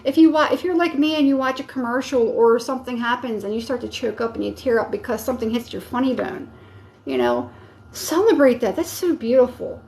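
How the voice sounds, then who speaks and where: A woman with a high voice gives a live tarot reading. She talks casually and rambles a little, warmly urging her listeners on. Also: expressive, a little fast. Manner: casual, encouraging, rambling with many fillers. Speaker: tarot reader.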